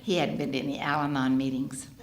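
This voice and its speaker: A woman's voice: very deep voice, level tone, fast. A middle-aged woman, sharing her recovery story at a fellowship gathering and acting out the other people's voices with strong feeling. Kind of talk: personal testimony at a fellowship gathering. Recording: echoey hall with faint background noise.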